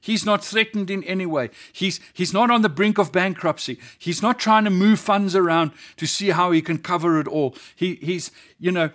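A man's voice: high-pitched, normal speed, hardly any pauses, fairly bright tone. A man with a South African accent preaching a sermon as pastor, earnest, building his points through emphatic repetition.

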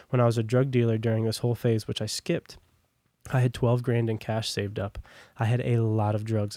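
A young man with a warm, mid-range voice shares his personal testimony as a guest on a podcast, recorded dry. He rambles casually, packing his talk with fillers like "like" and "long story short."

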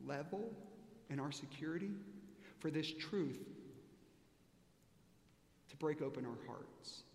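A male pastor preaching a sermon, telling a story emphatically with pauses and fillers. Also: on the high side, a little mellow. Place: large church sanctuary. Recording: echoey church hall with long reverb.

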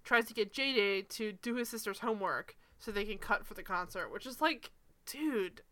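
A woman co-hosting a casual show recap, animated and sarcastic, swearing and laughing often. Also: medium pitch, moderate pace. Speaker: podcast co-host.

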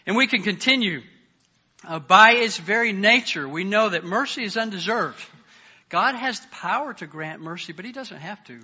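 A man preaching a sermon and reading scripture passages, earnest and fluent, often dropping his voice softly on the prayers. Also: high voice, normal speed, breathy edge, lo-fi sound. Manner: earnest, varies loudness, drops soft on prayers. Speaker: pastor.

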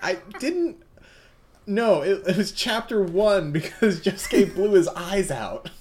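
A woman's voice: mid-range voice, very animated, slow, a little mellow, a little hiss or hum. A woman narrating a tabletop game as game master, wry and chatty with frequent laughter.

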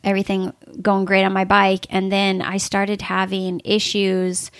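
A woman guest on a podcast, telling animated, conversational stories with lots of "like" fillers. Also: medium pitch, measured pace, no echo, studio quality. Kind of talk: conversational storytelling.

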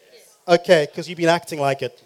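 A man preaching a sermon who talks straight to the congregation and swings from quiet to loud and emphatic. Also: fairly high pitch, fairly even intonation, a little fast.

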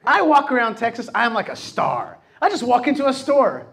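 A middle-aged man hosting a talk show, telling stories in a lively, animated way and acting out what people said to him. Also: extremely high pitch, fairly quick, vocal fry. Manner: animated storytelling, acts out quotes. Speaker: host. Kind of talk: casual radio talk.

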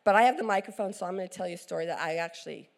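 Middle-aged woman preacher, lively storytelling sermon, acts out each voice. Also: on the low side, racing, gravelly. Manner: animated storyteller acting out voices.

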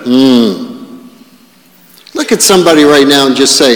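A man preaching a sermon, working his congregation with quick asides and rhetorical questions. He takes his time over each phrase. His voice rings through a big church hall with a long, echoing tail. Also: medium pitch, expressive. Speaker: pastor. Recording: echoey hall with long reverb.

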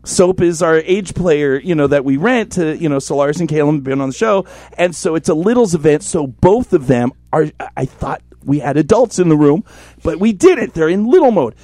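A man with a notably high voice tells a story on a podcast, animated and full of swearing. His delivery is casual and lively. The recording is dry and close, with no room sound. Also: moderate pace, dry recording. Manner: animated, profane, acts out voices in quotes. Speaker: podcast host telling a story.

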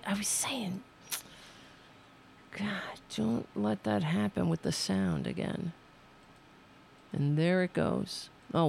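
Woman streamer, gravelly voice, swings widely in pitch, swears freely and talks to herself. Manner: profane, self-scolding, rambling. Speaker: livestream host. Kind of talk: casual livestream chat.

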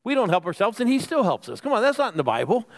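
A man's voice: high-pitched, big pitch swings, fast. A man preaching a sermon with lots of energy, calling on the congregation to answer back and sometimes dropping to a whisper for emphasis. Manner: calls for audience responses. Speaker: pastor.

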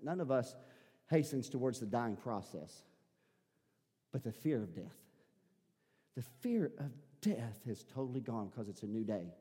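A male pastor preaching a sermon, repeating his phrases and building up to shouting. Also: mid-range voice, sing-song, a little slow, pauses often, slightly rough, long reverb tail. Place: church sanctuary.

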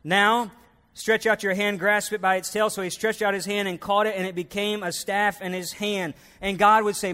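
A man's voice: sits high, flat delivery, moderate pace, pushed and bright, in a large hall. A man preaching a sermon as a pastor, telling stories and acting out the voices in them.

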